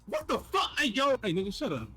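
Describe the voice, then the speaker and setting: A man's voice: sits high, huge pitch swings, a little fast, bright, forceful tone, slightly rough, faint music behind, heavily acted. An actor playing a laid-back young man who talks in casual slang and defends himself in a sitcom. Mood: defensive. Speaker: sitcom character. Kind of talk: sitcom acting.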